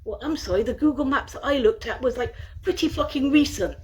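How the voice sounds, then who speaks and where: A woman's voice: high voice, brisk, a little mellow, a little hiss or hum. Exasperated woman ranting into her phone. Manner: exasperated, swears often, talks to camera. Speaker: vlogger reviewing a hotel. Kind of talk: casual vlog rant and room tour. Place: hotel room, indoors. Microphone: phone camera.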